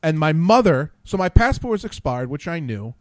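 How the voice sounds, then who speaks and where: A man's voice: on the high side, sing-song, moderate pace, no room sound. A man hosting a podcast, telling rambling, profane stories and losing his train of thought. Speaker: podcast host. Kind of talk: casual profane storytelling.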